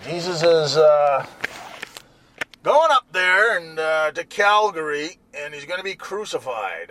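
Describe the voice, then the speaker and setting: Man, high voice, lively swooping pitch, rambling jokey monologue, in a car. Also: no room sound. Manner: rambling, irreverent, joking. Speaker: vlogger. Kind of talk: casual monologue while driving.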